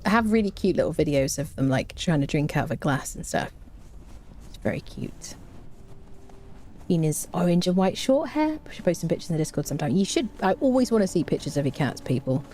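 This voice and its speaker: A woman's voice: deep voice, sing-song, a little fast, a little mellow, slight background noise. A woman streaming a game live, chatting casually with her viewers and humming little tunes to herself.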